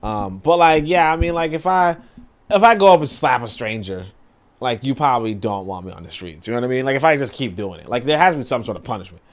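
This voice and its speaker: A man's voice: medium pitch, expressive, fast. A man hosting a podcast, ranting in casual, profane commentary with lots of fillers as he reacts to posts. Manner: profane, rambling rant with many fillers. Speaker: podcast host.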